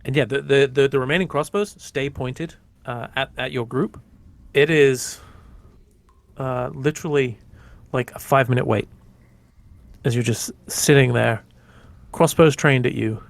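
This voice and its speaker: A man's voice: mid-range voice, unhurried, vocal fry, long pauses, no room sound. A man narrating a tabletop role-playing game as game master, rambling casually with many fillers.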